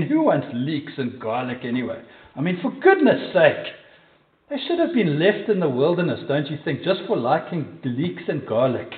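A man with a South African accent preaching a sermon, emphatic and putting direct questions to the congregation. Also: fairly high pitch. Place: church. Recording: echoey, distant, phone-like sound.

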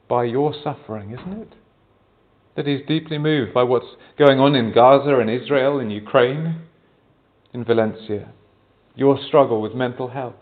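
Preacher on a tinny line. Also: male voice, medium pitch. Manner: earnest, asks the congregation rhetorical questions. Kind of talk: sermon. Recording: tinny phone-like sound.

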